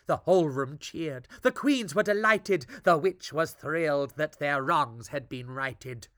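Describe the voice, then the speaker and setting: A woman reading a rhyming fairy tale aloud with a lilting, expressive delivery. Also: deep voice, measured pace, few pauses, dry recording, clean studio sound. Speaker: storyteller.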